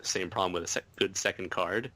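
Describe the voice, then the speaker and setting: A man's voice: low-pitched, a little fast, bright, forceful tone. A man co-hosting a podcast, chatting casually with laughs and stammers. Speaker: podcast co-host. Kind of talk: casual chat during a card game.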